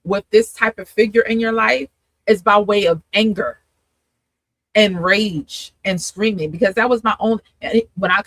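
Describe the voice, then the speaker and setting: A woman's voice: mid-range voice, normal speed, fairly bright tone, dry recording, rough recording. A woman hosting a live talk, telling her story with feeling, laughing often and acting out her past self. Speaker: host and coach. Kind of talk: candid testimony in a live conversation.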